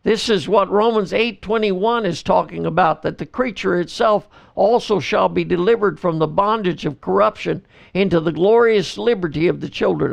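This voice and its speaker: A man, a pastor and podcast host, teaching through a Bible book verse by verse, reading scripture in slow measured phrases. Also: high-pitched, creaky, muffled recording.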